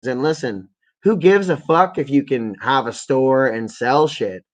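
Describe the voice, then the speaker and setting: A man's voice: mid-range voice, unhurried. A man from Ontario, hosting a livestream and ranting with constant swearing and rambling asides. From Ontario, Canada. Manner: angry, profanity-laden, rambling. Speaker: livestream host. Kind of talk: profane ranting commentary.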